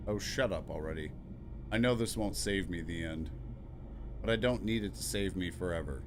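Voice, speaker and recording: A man hosting a let's play, reading every character's lines aloud in turn, quick and offhand. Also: deep voice, noisy background. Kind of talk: reading game dialogue aloud.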